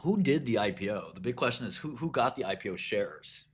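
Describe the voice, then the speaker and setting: A man's voice: medium pitch, big pitch swings, a little fast, slight background noise. A man giving casual, irreverent commentary on a stock market live stream, rambling and jokey.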